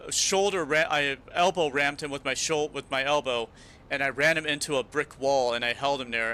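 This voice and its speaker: Bright-voiced young man rambling on stream. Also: mid-range voice, clean tone. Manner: rambling, restarting storyteller. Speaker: game streamer. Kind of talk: casual chat while gaming.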